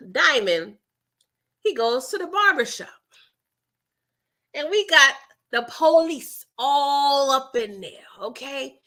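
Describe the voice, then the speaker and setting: A woman hosting a casual TV recap, chatty and animated, acting out characters in quotes and laughing often. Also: high-pitched, slow, long pauses. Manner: chatty, addresses viewers as y'all. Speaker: TV recap host.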